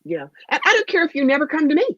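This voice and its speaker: A woman guest, a psychic medium and author, telling stories in an interview in a punchy, animated way. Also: high voice, rapid-fire, no echo, dull audio. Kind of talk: interview storytelling.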